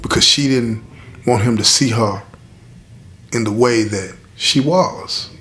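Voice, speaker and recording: A man's voice: medium pitch, slow, fairly bright tone. A middle-aged man, a former inmate, telling a story in an emphatic, direct way and speaking straight to his listeners. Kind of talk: casual storytelling.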